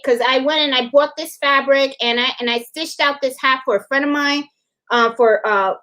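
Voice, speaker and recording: Chatty woman host for a live crafting demo, high voice, slightly hoarse, keeps checking in with viewers. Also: a bit bright. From Puerto Rico. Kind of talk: casual live demonstration.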